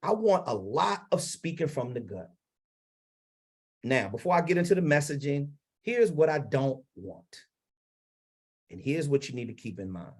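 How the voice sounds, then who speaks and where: A man from Maryland coaching public speakers on a livestream, emphatic and blunt, with dramatic pauses and sudden swings from soft to loud, on a lavalier mic. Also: a little high. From Maryland, United States.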